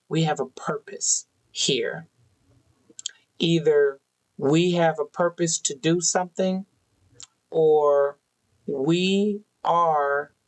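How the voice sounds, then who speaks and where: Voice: mid-range voice, poor audio. A tarot reader giving a spiritual card reading to viewers, talking to them directly in an earnest, preachy way with a lot of repetition. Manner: speaks to an unseen audience.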